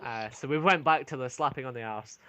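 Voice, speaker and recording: A man's voice: medium pitch, fairly quick, fairly bright tone, clear, resonant tone, lo-fi sound. A man narrating an online tabletop game as game master, hesitant, with many ums and restarts.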